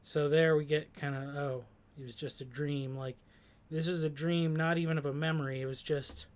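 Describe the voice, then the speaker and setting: A man's voice: fairly high pitch, little pitch movement, moderate pace, slight background noise. A man reflecting on a song's lyrics in a thoughtful, hesitant way, with many fillers and restarts. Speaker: host discussing song lyrics. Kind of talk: reflective commentary.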